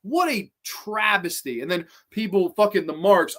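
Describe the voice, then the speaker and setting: This livestream podcast host ranks horror films in a mid-range, slightly bright voice with lively intonation, a moderate pace and few pauses. The chat is casual, blunt and profane, full of restarts and trailing asides as viewers get answers.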